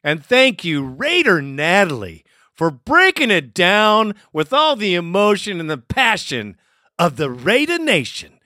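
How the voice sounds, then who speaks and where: A man's voice: sits high, huge pitch swings, unhurried, pushed and bright, no room sound, studio quality. A man hosting a fan podcast, talking casually with some profanity. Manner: profane, laid-back. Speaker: podcast host.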